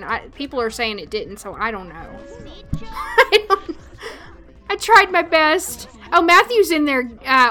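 A woman's voice: high voice, sharp tone. Giggly Southern woman streaming a game. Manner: chatty, giggly, talks to chat. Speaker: gaming livestreamer. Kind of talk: casual game commentary livestream.

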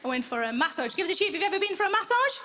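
A high-pitched woman performs stand-up in a large theatre. She tells stories deadpan, dropping into flat voices for quoted people. Loud audience laughter fills the live recording. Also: racing, heavy background noise. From England. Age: 40s. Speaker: stand-up comedian. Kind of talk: stand-up routine.

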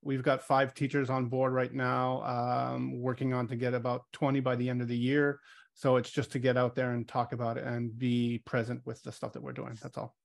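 A man from Canada chats on an online networking call, pausing often and repeating words as he finds his point. His voice sits at an ordinary middle pitch. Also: monotone, creaky. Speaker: guest. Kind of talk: casual call chat.

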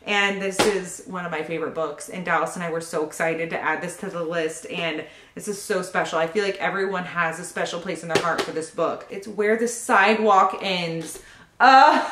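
A young pregnant woman in a casual vlog, excitedly opening baby gifts and thanking each sender. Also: lowish voice, normal speed, noisy background. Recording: echoey room.

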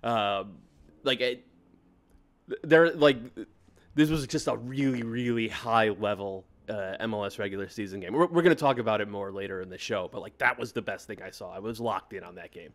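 A man co-hosting a casual soccer chat, emphatic and quick, repeating his phrases for stress. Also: fairly low pitch. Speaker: soccer analyst co-host.

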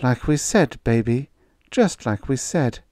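A man doing a soft, teasing young woman. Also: medium pitch, animated, slow pace, no room sound, clean studio sound, pitched above the performer's own voice. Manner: soft, coaxing.

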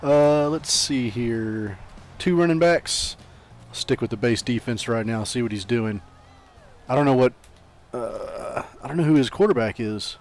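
A man's voice: medium pitch, unhurried. A man giving casual, rambling commentary while playing a video game, hyping up his team with trash talk. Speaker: let's play gamer.

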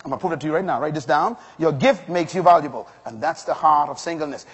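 A man's voice: fairly high pitch, expressive, quick pace, slightly rough. A male pastor delivering an emphatic sermon to a congregation, rising to strong exclamations. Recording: long hall reverb.

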